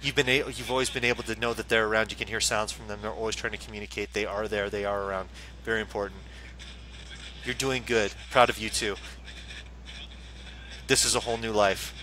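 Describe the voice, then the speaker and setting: Male psychic medium, deep-ish bright voice, calm and repetitive, live reading host. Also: brisk, long pauses, slight background noise, poor audio. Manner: calm, repeats messages, ritual sign-offs. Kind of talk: live ghost box reading.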